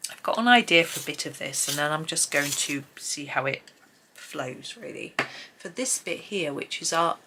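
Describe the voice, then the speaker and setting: A woman hosting a colouring tutorial, chatting as she works and often dropping to a soft near-whisper. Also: low voice, vocal fry, a little hiss or hum. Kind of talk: relaxed colouring tutorial narration.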